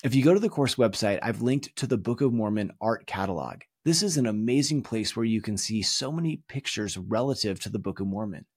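A man's voice: fairly low pitch, lively intonation, fairly quick, hardly any pauses, husky, dry recording, studio quality. A man teaching a recorded course lesson, explaining in an earnest tone with emphatic rises. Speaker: religion course instructor. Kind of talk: recorded video lecture.

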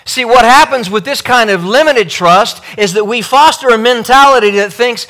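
Man, preacher, sermon, emphatic, repeats phrases, high bright voice. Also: moderate pace, few pauses. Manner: emphatic, repeats key phrases, addresses listeners as beloved.

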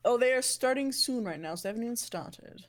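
A woman's voice: fairly high pitch, animated, quick pace. Woman player chatting after a game. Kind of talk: casual group chat.

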